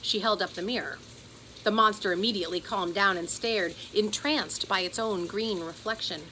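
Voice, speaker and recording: A woman reading a children's chapter book aloud in an expressive storytelling voice. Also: medium pitch, moderate pace, slight background noise, rough recording. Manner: expressive, does character voices. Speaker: audiobook narrator.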